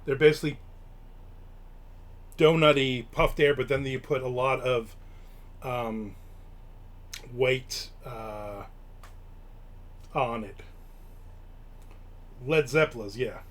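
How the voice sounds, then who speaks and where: A man's voice: medium pitch, takes it slowly, pauses often, a bit bright. A man from Newark, hosting a live stream and telling rambling, casual stories with offhand swearing. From Newark, New Jersey. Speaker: show host.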